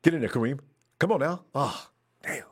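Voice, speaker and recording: A man reacting live to a football game, excitable, talking at the players on screen and trash-talking them. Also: medium pitch, moderate pace, breathy edge. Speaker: football fan watching a game.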